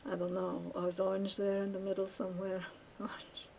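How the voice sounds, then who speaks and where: A woman rambling in a casual monologue while she paints, halting often with fillers and restarts as she muses aloud. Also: medium pitch, vocal fry, a little mellow, slight background noise, poor audio. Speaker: vlogger.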